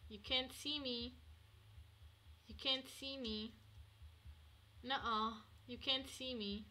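A woman streaming a game, chatting to herself and swinging between hushed murmurs and excited outbursts. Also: high-pitched, takes it slowly. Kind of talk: casual gameplay commentary.

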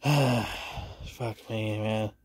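A man delivering a crude, profanity-filled film rant to his subscribers, his pitch jumping up sharply when he gets worked up. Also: steady tone, extremely slow, slightly rough. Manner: crude, swearing, sudden pitch jumps. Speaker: film reviewer.

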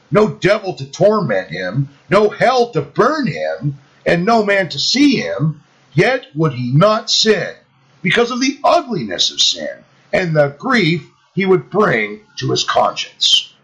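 A man giving a slow, deliberate devotional reading of an old Puritan text, stressing each phrase and reading out the scripture references. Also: mid-range voice, a bit bright, low-quality recording. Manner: deliberate, emphatic, reads scripture citations aloud.

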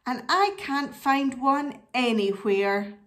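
A woman's voice: sits high, animated, slow pace. A woman voicing a big clumsy bear who longs for a hug, in a storybook reading, pleading and eager.

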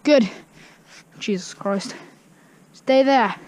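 Slow-talking high-voiced woman vlogger. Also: a little mellow. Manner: chatty, self-mocking, hums silly tunes. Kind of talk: casual vlog commentary. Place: outdoor garden.

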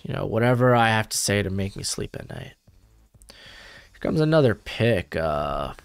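A man's voice: fairly low pitch, unhurried, creaky, smooth, no echo. A young man hosting a mock draft video, chatting casually as he thinks aloud, rambling and correcting himself. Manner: rambling, self-correcting, animated. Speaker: YouTube mock draft host. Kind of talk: casual live commentary.

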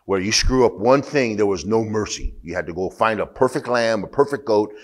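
Deep-voiced man preaching conversationally. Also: a little fast. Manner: conversational preaching, rising to emphatic bursts, asides and laughs. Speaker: pastor. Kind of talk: sermon.

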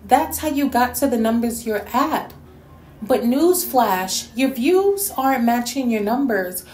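A woman's voice: on the high side, animated, a little slow, darkish tone, reverberant, a little hiss or hum. A woman from New York City delivering a scolding, sassy rant in a response video. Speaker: YouTube commentator.

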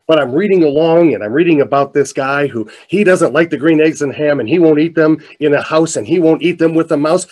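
Animated storytelling man with a higher voice. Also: fairly quick, hardly any pauses. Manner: animated storyteller, voice climbs with excitement. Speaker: motivational speaker. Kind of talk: storytelling keynote talk. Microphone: presentation mic, virtual showcase.

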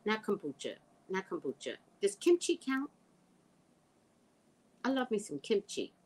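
A woman's voice: mid-range voice, big pitch swings, a little slow, a little mellow, breathy edge, low-quality recording. A woman hosting a casual livestream, reading viewer comments aloud and reacting in a chatty way, sometimes dropping to a whisper. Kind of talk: casual live chat.

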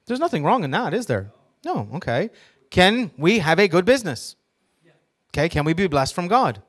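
A man preaching a sermon in a slightly higher voice than most men. He reads scripture aloud with emphasis and keeps asking his listeners questions. Now and then he drops a joking aside. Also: big pitch swings, moderate pace, slightly rough. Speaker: pastor.

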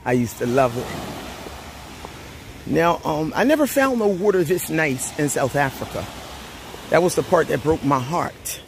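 A man's voice: a little high, unhurried, pauses often, slight background noise. A man chatting casually to his viewers at the beach, telling stories and repeating his phrases. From Grenada. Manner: relaxed, storytelling, uses y'all and repeats phrases. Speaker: vlogger. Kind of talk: casual vlog chat. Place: outdoors at a beach.

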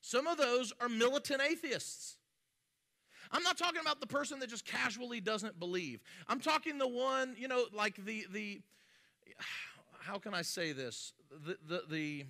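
A man's voice: extremely high pitch, pushed and bright. A male pastor preaching a sermon in a conversational way, with joking asides and frequent restarts.

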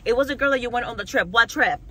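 A woman's voice: a little high, fast, bright, forceful tone, a little hiss or hum, poor audio. A young woman vlogger telling a storytime rant to camera, heated, mocking and full of swearing.

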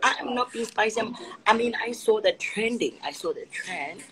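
A young South African woman with a South African accent hosts a casual Instagram live on her phone, playing a sassy straight talker who keeps calling her viewers "honey." Her voice is a little high and animated at a normal speed, and the rough recording picks up crowd noise.

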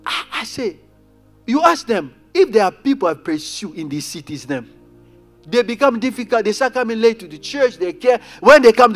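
A man preaching a sermon as pastor, calling out to his congregation and swinging between loud emphasis and quiet asides. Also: very high-pitched. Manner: preaching with rising and falling intensity, addressing congregation directly. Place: church.

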